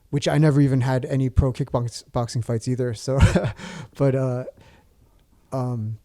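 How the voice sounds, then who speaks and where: A man's voice: mid-range voice, fairly even intonation, a little slow, mellow. A man in his forties, a podcast guest telling a story in casual chat, rambling with restarts and fillers.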